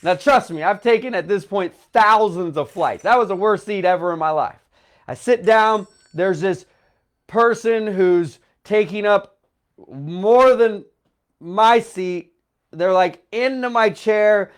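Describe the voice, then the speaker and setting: A young man tells a personal travel story straight to the camera in a loose, rambling way, stacking fillers as he goes. His voice sits a bit high for a man and sounds slightly tearful, with a runny nose. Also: takes it slowly, clean tone. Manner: rambling, filler-heavy, emotional retelling. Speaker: travel vlogger.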